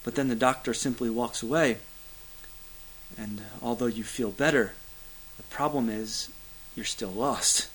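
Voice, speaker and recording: A man preaching a sermon, building to loud emphatic peaks, then dropping to hushed, low lines, with a repetitive preaching cadence and occasional fillers. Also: measured pace, long pauses, slightly rough, rough recording. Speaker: pastor.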